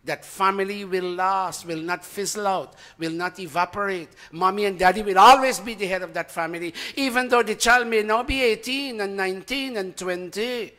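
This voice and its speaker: A man giving an impassioned sermon in a house of worship, posing rhetorical questions and swinging between loud passages and hushed ones. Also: high-pitched, normal speed, hardly any pauses. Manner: asks many rhetorical questions. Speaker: spiritual teacher.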